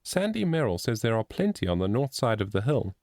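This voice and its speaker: A man's voice: fairly low pitch, very animated, fairly quick, a little mellow, dry recording, clean studio sound. A man voicing an eager schoolgirl in a storybook reading. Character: eager schoolgirl, older sister.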